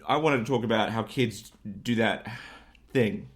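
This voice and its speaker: A man's voice: fairly low pitch, a little slow. A man co-hosting a podcast in casual chat, sweary and jokey, prone to little rants. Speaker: podcast co-host.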